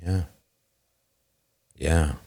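Deep-voiced man hosting a livestream. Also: steady tone, extremely slow, gravelly, dark tone. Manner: emphatic, keeps asking "right?". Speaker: livestream host. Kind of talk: casual livestream monologue. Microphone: new studio microphone.

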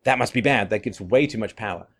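A middle-aged man giving a monologue commentary, animated, often laughing and mimicking others in mocking quotes. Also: lowish voice, quick pace, slightly rough.

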